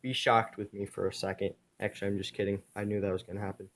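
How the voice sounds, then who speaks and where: A man narrating his own homemade comic in a low-key, quiet way. He drops dry, self-mocking jokes between panels, so it comes across as a casual chat. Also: flat delivery, fast talker. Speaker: video creator.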